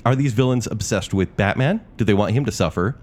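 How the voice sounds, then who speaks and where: A young man co-hosting a comedic podcast, chatty and quick to laugh. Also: on the low side, a little hiss or hum. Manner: laughs often, chatty, animated. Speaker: podcast co-host. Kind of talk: comedic role-play chat.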